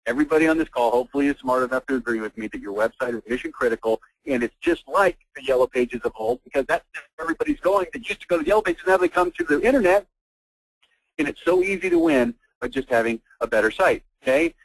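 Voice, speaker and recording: A man giving a fired-up, blunt sales pitch as host of a marketing webinar on an online call. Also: big pitch swings, fast talker, creaky, no echo, low-quality recording. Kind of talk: persuasive sales presentation.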